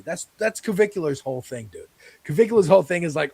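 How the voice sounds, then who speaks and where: Gravelly, ranting American man. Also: fairly high pitch, expressive, warm tone, no echo. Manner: profane, ranting, fast-rising anger. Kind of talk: heated political rant.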